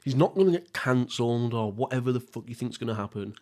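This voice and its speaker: Young guy, solo mukbang podcast host, loose, sweary, giggly rambler, mid-pitched voice. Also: animated, fast talker, a little mellow. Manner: rambling, sweary, laughs at himself. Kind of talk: casual mukbang podcast chat. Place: at home, seated.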